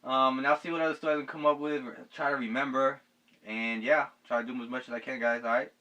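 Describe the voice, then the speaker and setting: A man's voice: mid-range voice, fairly even intonation, fast talker, bright, forceful tone, highs cut off. A young man telling a story casually to his viewers, slangy and swearing, laughing at his own tale. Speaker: vlogger. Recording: voice a bit far from the mic.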